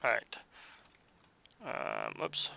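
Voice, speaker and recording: A man's voice: very slow, pushed and bright, a little hiss or hum. A man hosting a tabletop card game playthrough, reading card text aloud, counting dice rolls and speaking patiently to a child at the table. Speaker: host running the card game.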